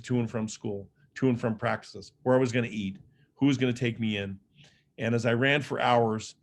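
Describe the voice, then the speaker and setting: Earnest man telling his life story. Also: on the low side. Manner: earnest, conversational, frequent fillers and restarts. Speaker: motivational speaker. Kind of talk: personal storytelling speech.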